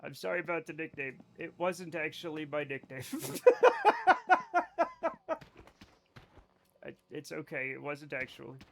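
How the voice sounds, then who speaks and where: A man chatting live with his viewers while he plays. His voice sits high, and he rambles from one joke to the next, often mocking himself. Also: flat delivery, a little fast, gravelly, few pauses, bright, forceful tone. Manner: rambling, joking, playfully self-mocking. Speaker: live streamer. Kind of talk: casual gameplay chat with viewers.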